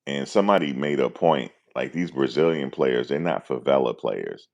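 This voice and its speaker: A man, talking casually and deadpan to his viewers, musing and repeating himself in slangy speech. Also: a bass voice, normal speed, vocal fry, highs cut off. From New Jersey, USA. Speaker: vlogger. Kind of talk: casual rambling monologue.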